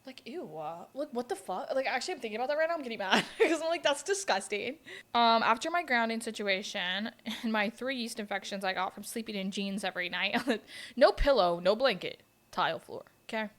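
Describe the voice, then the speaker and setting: A woman's voice: fairly high pitch, animated, a little fast, a bit bright. A woman in her twenties hosting a podcast, telling personal stories in a blunt, profane and laughing way. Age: 20s. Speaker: podcast host. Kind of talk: casual storytelling chat.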